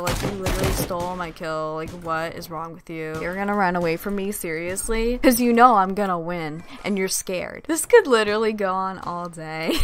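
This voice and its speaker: A young woman giving casual commentary over gameplay, sarcastic and excitable, shrieking at tense moments and trash-talking opponents. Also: medium pitch, heavy background noise. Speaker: gaming YouTuber.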